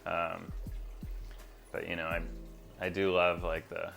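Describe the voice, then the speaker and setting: A man's voice: deep voice, slow, gravelly, faint music behind. A man who keeps a reef tank at home, chatting casually and rambling with lots of fillers on a tank tour. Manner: relaxed, rambling, many fillers.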